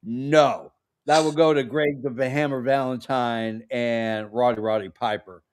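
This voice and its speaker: A man's voice: medium pitch, fairly even intonation, measured pace. A man co-hosting a casual podcast chat, blunt and jokey as he makes his case. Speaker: podcast co-host.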